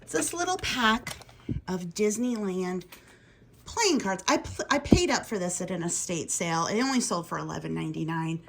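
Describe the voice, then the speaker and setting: Woman vlogger, lively up-and-down pitch, chatty and rambling, home kitchen. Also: moderate pace, creaky, slight background noise. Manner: rambling, chatty, thinking aloud. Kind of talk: casual home vlog chat.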